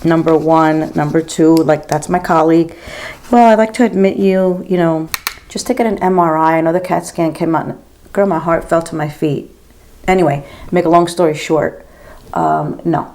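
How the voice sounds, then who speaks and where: Gravelly chatty woman in her fifties. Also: deep voice, little pitch movement, moderate pace, a little mellow. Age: 50s. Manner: gossipy, rambling, says girl and like a lot. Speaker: makeup vlogger and nurse. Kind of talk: casual chatty storytelling while doing makeup.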